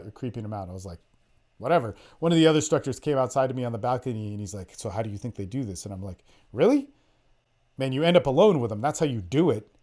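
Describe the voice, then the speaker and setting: A man's voice: mid-range voice, darkish tone. A man hosting a podcast, telling a story in a casual monologue, swearing freely and acting out the voices of the people in it. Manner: profane, emphatic, acts out quoted voices. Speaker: podcast host, dating coach. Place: call recording.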